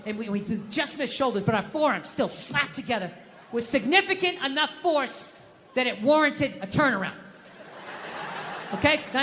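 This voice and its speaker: Bright-voiced ranting male stand-up comic. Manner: ranting, profane, swings between loud outbursts and low mutters. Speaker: stand-up comedian. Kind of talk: stand-up routine. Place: theater stage before a live audience. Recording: long hall reverb with faint background noise.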